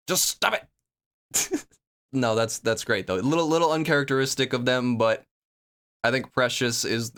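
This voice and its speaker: A man's voice: mid-range voice, clear, resonant tone. A man hosting a reaction video, chatting casually and laughing often as he comments. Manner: laughs often, jokey and relaxed.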